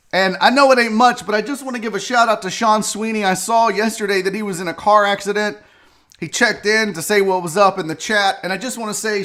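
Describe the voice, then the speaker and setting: A man's voice: on the high side, pushed and bright. A man hosting a live sports show, rambling and swearing loosely as he drinks on air. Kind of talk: loose live-stream talk.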